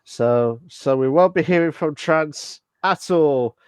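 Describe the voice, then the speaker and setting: Smooth-voiced man chatting casually. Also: fairly high pitch, dry recording. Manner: halting, many fillers and restarts. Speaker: podcast co-host. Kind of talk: casual live-stream podcast chat.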